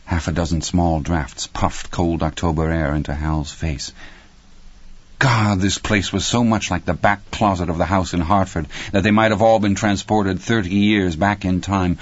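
Man, audiobook narration, very deep voice, steady measured reading, dry slightly muffled recording. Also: no echo. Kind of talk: scripted narration.

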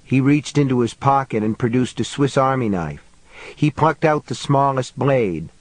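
A man reads a novel aloud in a steady, measured voice at a middle pitch. The recording is close and completely dry, like a booth read. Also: no room sound, poor audio. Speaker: audiobook narrator. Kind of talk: scripted narration.

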